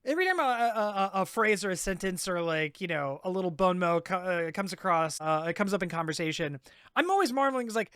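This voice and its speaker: A man co-hosting a casual podcast, rambling in halting sentences that stop and restart as he searches for words. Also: high-pitched, animated, fairly bright tone, clear, resonant tone, no room sound, clean studio sound. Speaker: podcast co-host.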